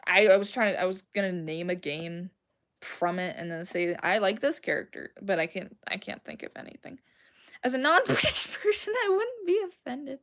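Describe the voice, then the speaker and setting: A young woman with a Southern American accent, casually rambling and giggling as she chats with her livestream viewers. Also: mid-range voice. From Southern United States. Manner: rambling, giggly, self-deprecating. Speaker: streamer. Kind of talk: casual livestream chat, answering chat.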